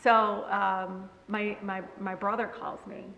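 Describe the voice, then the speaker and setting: Forceful, bright-voiced woman telling stories in an echoey hall. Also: medium pitch, slow pace, gravelly. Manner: animated, laughs while telling stories, voices family members. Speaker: guest speaker, politician. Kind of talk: conversational storytelling to a live audience. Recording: echoey hall, faint background hum.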